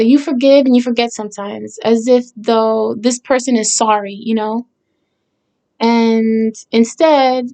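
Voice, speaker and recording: A woman's voice: a little high, a little mellow. A woman songwriter talking casually about the meaning of her song lyrics, rambling with many fillers and restarts. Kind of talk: casual explanatory talk.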